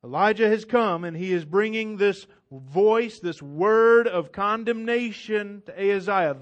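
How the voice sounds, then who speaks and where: A high-pitched male preacher delivering a sermon. He presses hard on his main points and then pulls back into soft, intimate appeals. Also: a little slow, few pauses, muffled recording. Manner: swings from loud emphatic preaching to hushed intimate appeals. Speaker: pastor.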